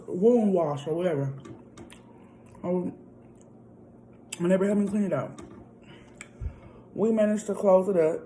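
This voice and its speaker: A woman's voice: fairly low pitch, mellow, a little hiss or hum, poor audio. A woman vlogger telling a story in a casual, chatty way, often calling out to her viewers directly. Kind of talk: casual storytime while eating.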